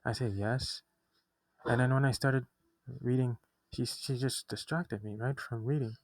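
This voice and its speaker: A man's voice: mid-range voice, steady tone, unhurried, no room sound, poor audio. A young man telling a personal story, often restarting his sentences, agitated as he recounts what happened. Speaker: vlogger.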